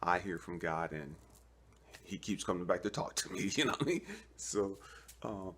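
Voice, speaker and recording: A California man preaches casually to camera as an online preacher, telling animated stories in street slang, acting out both sides of conversations and repeatedly asking "you know what I mean." His low voice moves at a moderate pace over a little hiss or hum.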